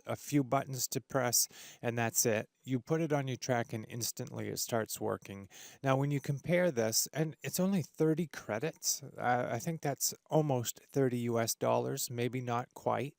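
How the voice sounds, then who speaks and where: Gravelly-voiced man explaining audio software. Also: mid-range voice, unhurried, no echo, clean studio sound. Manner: casual, enthusiastic, lots of fillers and restarts. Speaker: audio tutorial host. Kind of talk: screen-recorded software tutorial. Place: home studio with treated room.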